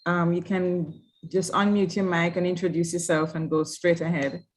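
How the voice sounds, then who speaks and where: A woman moderator running an online panel, thanking the speakers and opening the floor in a friendly, brisk way. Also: fairly low pitch, little pitch movement.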